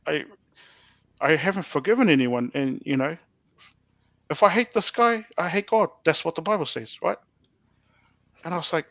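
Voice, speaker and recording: A man telling a personal story as a podcast guest, animated, stumbling over restarts and swearing bluntly. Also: high-pitched, a little fast, no room sound. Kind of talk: personal storytelling in a casual interview. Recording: dull lo-fi, dry sound.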